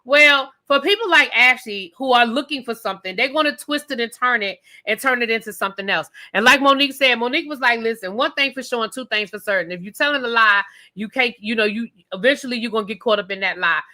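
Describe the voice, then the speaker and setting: A woman reviewing a reality TV episode in a blunt, profane, animated rant. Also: a little high, fast talker, hardly any pauses.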